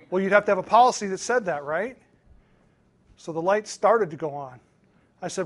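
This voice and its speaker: A man in his thirties with a notably high-pitched voice, speaking as a pastor in a church training talk. He talks earnestly and conversationally, moving from guidance to stories from his own ministry. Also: brisk.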